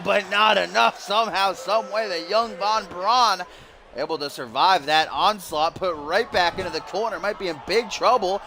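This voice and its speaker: A young man doing mock play-by-play commentary over a wrestling video game, bursting into shouts at big moves. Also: high-pitched, normal speed. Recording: loud game crowd and noise behind. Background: loud arena crowd and game sounds.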